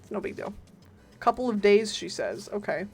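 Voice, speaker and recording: A woman's voice: mid-range voice, normal speed, slightly rough. A woman streaming a game, chatting playfully with her viewers and giggling often. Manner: giggly, playful, talks to chat. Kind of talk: casual gaming stream chat. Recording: faint game music behind.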